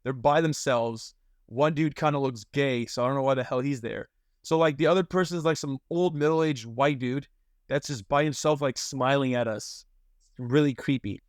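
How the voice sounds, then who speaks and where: A young man telling a story in casual chat as a podcast guest, animated, with lots of fillers and slang. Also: medium pitch, moderate pace, dry recording, clean studio sound.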